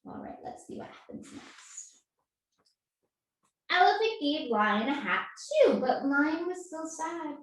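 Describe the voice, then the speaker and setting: A woman's voice: high voice, very animated, takes it slowly. A woman leading a children's story time, reading a picture book, singing and coaxing young kids to join in. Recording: echoey room, distant mic.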